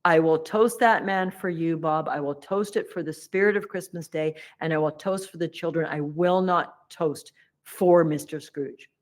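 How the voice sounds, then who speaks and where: A woman voicing an indignant, loving poor mother who flatly refuses to toast a cruel man, in fierce clipped refusals. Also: low voice, moderate pace, lightly acted.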